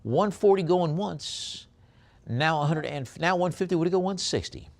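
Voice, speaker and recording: A man working as an auctioneer, calling bids in a brisk rhythmic chant and adding chatty asides about the lots. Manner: drops low and soft on a coaxing "please". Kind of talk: live auction bid calling.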